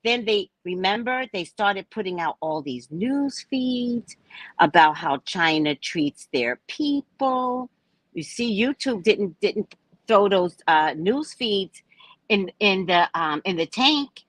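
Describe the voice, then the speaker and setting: Lively woman rambling on her livestream, voice jumping high, dry close mic, acts stuff out. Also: slow, no room sound. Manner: animated, theatrical, acts out quotes. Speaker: psychic livestream host. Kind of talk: casual livestream chat.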